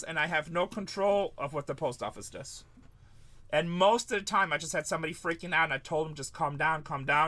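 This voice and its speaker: On his card-breaking livestream, a tired man with a sharp, higher voice chats casually with viewers, firing jokes back at their comments.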